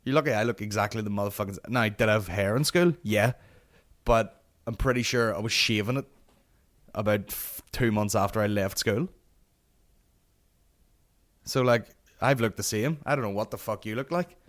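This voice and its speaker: A man's voice: fairly low pitch, moderate pace, fairly bright tone. A Northern Irish man in his late twenties, hosting a podcast with a sweary, ranting comic monologue. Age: late 20s. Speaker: podcast host.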